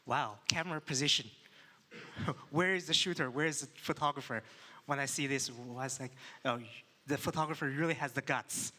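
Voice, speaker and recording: A man judging photos on a panel, talking in excited exclamations. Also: mid-range voice, normal speed. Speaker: photography judge. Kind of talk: panel critique. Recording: distant mic with hall reverb.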